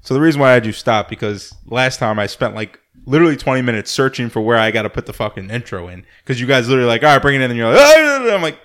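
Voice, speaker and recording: A man's voice: mid-range voice, racing, few pauses. A young man co-hosting and editing a podcast who complains in an exasperated way and swears. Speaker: podcast co-host and editor. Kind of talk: casual banter.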